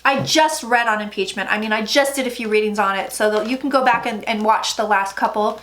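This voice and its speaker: A woman psychic talking through a tarot reading in a chatty, dramatic way, with sudden loud asides. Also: a little high, fairly even intonation, fairly quick, slight background noise. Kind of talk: casual tarot reading vlog.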